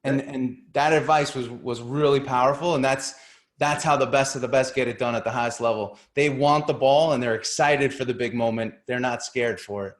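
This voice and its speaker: A man's voice: mid-range voice, steady tone, normal speed, reverberant. A man, a guest coach, telling a story on a call in an earnest way, often repeating words as he starts a thought.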